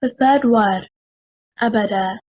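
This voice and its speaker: A woman trainer giving a scripted lecture on Quranic stress, speaking in a measured, deliberate way and repeating example words with different stresses. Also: a little high, darkish tone, poor audio.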